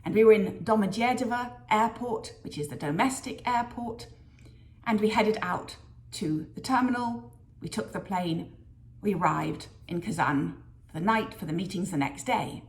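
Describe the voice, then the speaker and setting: A woman vlogging a workplace story, lively and acting out the voices of people she quotes. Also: mid-range voice. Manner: lively storyteller who acts out quoted dialogue. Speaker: business leader sharing a career story. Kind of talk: storytelling vlog.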